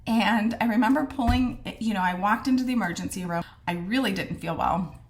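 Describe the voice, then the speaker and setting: Speaking a little fast in a mid-range voice, this woman casually recounts her diagnosis for her vlog audience. Her style is candid and talkative: she replays scenes by quoting what people said, throws in mild swearing, and leans on lots of filler words.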